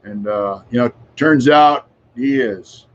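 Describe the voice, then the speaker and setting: A man's voice: medium pitch, takes it slowly, a crowd in the background. Older man telling stories, muffled audio. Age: around 60. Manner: rambling and frank, with frequent filler phrases and swearing. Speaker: podcast guest. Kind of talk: casual conversational storytelling.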